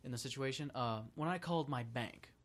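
Young male co-host, mid-pitched, blunt casual talker. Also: a little fast, a bit bright. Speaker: podcast co-host. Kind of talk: casual chat.

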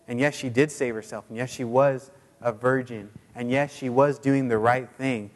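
A man preaching a sermon in a casual, chatty way with many fillers, now and then putting on high squeaky voices for quotes. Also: fairly even intonation, normal speed, long reverb tail. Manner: puts on high squeaky voices when quoting people. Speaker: pastor.

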